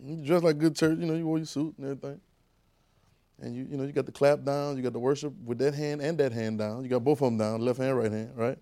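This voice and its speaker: A man preaching a conversational sermon, repeating phrases and rising to shouted calls. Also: medium pitch, flat delivery, fast talker.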